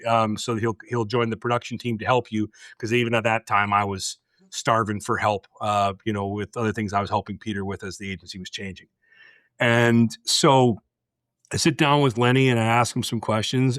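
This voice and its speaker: In a casual podcast storytelling chat, a middle-aged host recounts events in a blunt, intense, no-nonsense way, voicing the dialogue himself. His voice sits on the low side with a slight brightness. The audio is studio-clean and echo-free.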